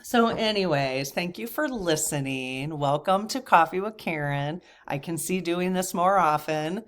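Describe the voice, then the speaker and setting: A woman's voice: fairly low pitch, lively intonation, measured pace. A woman hosting her own channel, chatting casually to viewers in a rambling way, with frequent restarts and laughter. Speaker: channel host. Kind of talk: casual chat to camera.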